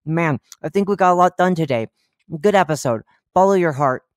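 A cheerful, oblivious male radio host, put on by a horror-story narrator, rattling off chatty broadcast patter with deadpan dark jokes. His voice sits in an ordinary middle pitch. It is recorded close and dry, with no room sound. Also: normal speed, no echo, natural voice. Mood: chipper. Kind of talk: horror fiction reading.

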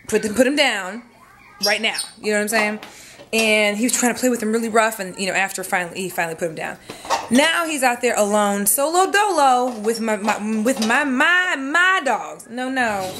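A woman's voice: fairly high pitch, expressive, moderate pace, background noise. A woman telling a rambling, profane story in a casual vlog at home, talking straight to the camera. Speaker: vlogger. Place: home room.

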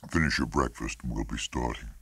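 A man's voice: extremely low pitch, brisk, a bit bright, husky, no echo, pitched below the performer's own voice, heavily acted. A man reading a story aloud, voicing a curt, confident professional hunting guide who talks in clipped phrases. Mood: brisk. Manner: clipped, terse.

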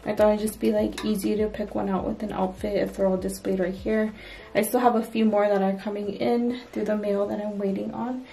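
A woman's voice: medium pitch, a little mellow, reverberant, distant mic, rough recording. A young woman casually showing her baby's nursery in a chatty, rambling way, full of "like" and "um". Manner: chatty, filler-heavy, with frequent "like" and "um". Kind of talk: casual home tour chat. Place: indoors in a home nursery.

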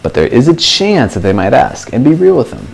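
A man's voice: medium pitch, wildly swooping pitch, fairly quick, vocal fry, a little mellow, breathy edge. A young man giving casual self-help advice in a vlog, playful and self-mocking. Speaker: vlogger. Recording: music playing underneath.

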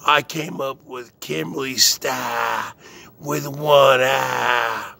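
A man hosting his own show, delivering a slow, boastful rant full of drawn-out catchphrases and chuckles. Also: medium pitch, fairly even intonation, creaky, bright, forceful tone. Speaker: host.

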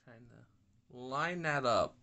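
A man's voice: medium pitch, slow pace, pushed and bright. A young man giving grumpy, rambling commentary while playing an online pool game, swearing and complaining at his opponents. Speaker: gaming YouTuber. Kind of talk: casual gameplay commentary.

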